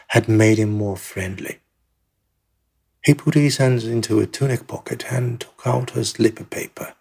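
Male audiobook narrator, first-person memoir, measured, very husky, raspy. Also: lowish voice. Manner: measured, plain storytelling.

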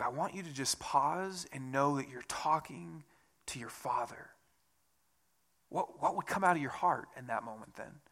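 A man's voice: on the high side, bright, forceful tone. A male pastor preaching a sermon in a conversational way, often repeating words and rising into emphatic bursts.

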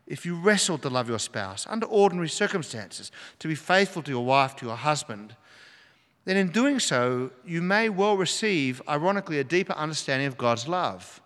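A man's voice: a little high, big pitch swings, moderate pace, fairly bright tone. An older man preaching a sermon as pastor, telling the story dramatically with sudden emphatic rises. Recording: long hall reverb.

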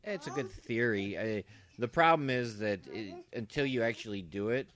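A man's voice: fairly low pitch, normal speed, fairly bright tone. A man co-hosting a comedy podcast in casual chat, answering bluntly and joking around. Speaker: podcast co-host. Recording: faint background noise.

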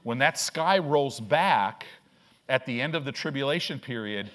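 Slow, emphatic preaching man. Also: medium pitch, expressive, fairly bright tone. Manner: preaches with emphatic drawn-out phrases and asides to the congregation. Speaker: pastor. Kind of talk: sermon.

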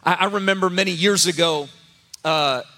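A man's voice: sits high, normal speed, bright, forceful tone. A middle-aged male pastor preaching a sermon, telling a personal story in a humorous, conversational way. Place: church sanctuary. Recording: echoey church sanctuary.

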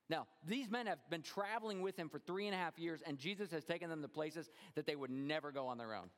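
A man delivers a sermon in a fairly high voice, and his words ring out in a long church reverb. He is expressive, often sinking low and quiet to stress a point. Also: quick pace, hardly any pauses. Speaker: pastor.

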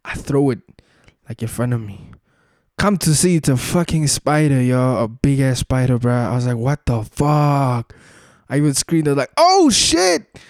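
A young man hosts his podcast alone, rambling through casual stories in loose street slang. His voice sits in a middle pitch. The recording is dry, with no room echo. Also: fairly quick, a little mellow. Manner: slangy, laid-back storytelling with frequent filler tags. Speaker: podcast host. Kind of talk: casual solo podcast chat.

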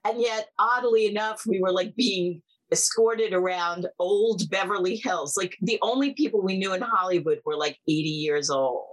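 A middle-aged woman, a filmmaker guest, telling stories in a chatty, animated way full of "like". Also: medium pitch, normal speed, hardly any pauses, poor audio. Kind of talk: casual storytelling.

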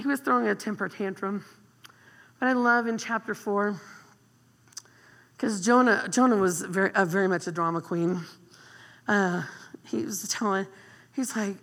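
Husky woman preacher in an echoing hall. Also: fairly high pitch, normal speed. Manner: emotional, animated storytelling. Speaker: guest pastor. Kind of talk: sermon.

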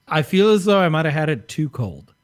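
A man co-hosting a casual podcast, relaxed, mostly short agreeing replies. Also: on the high side, brisk, dry recording, studio quality. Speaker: podcast co-host.

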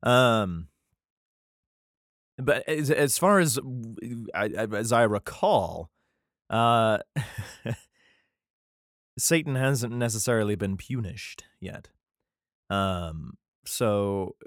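A man's voice: medium pitch, animated, slow, pauses often, dry recording, clean studio sound. A man casually reading scripture aloud and riffing on it, rambling, laughing often and swearing freely. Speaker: reader commenting on scripture.

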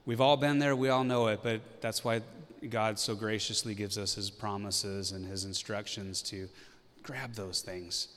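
A man's voice: lowish voice, fairly even intonation, measured pace, fairly bright tone. A man leading a church meeting, giving an informal, encouraging sermon with light teasing. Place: church hall. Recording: long reverb of a hall.

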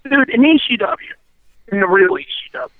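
A man's voice: high-pitched, lively intonation, normal speed, no echo. A man giving an interview, telling his story bluntly and animatedly, with plenty of swearing and "you know". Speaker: interview guest. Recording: tinny phone line, dry.

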